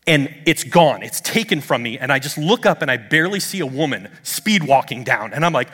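Animated preacher man in a reverberant hall. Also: a little fast, hardly any pauses, husky. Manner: animated storytelling, lively swings in pitch. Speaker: pastor. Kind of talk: sermon. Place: church sanctuary under stage lights.

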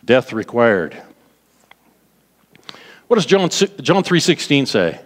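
Animated male pastor, mid-range voice, preaching with calls to the congregation; long hall reverb. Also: medium pitch, unhurried, pauses often. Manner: animated, repeats words, prompts the congregation. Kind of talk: sermon. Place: large hall.

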